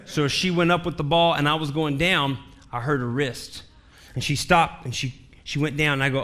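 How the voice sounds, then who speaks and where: A man's voice: on the high side, steady tone, normal speed, pushed and bright. A male pastor preaching a sermon in a church, telling a story with humor and emphatic repetition.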